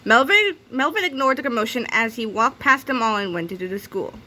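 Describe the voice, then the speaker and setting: Brief: woman narrator for a children's read-aloud, lively, bright tone. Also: on the high side, fast. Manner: lively storytelling.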